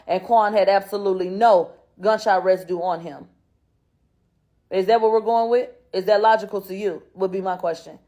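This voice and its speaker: A woman's voice: medium pitch, a little mellow. A woman hosting a show, recapping courtroom testimony in blunt, profane, sarcastic casual commentary. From Houston, Texas. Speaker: host recapping a court trial.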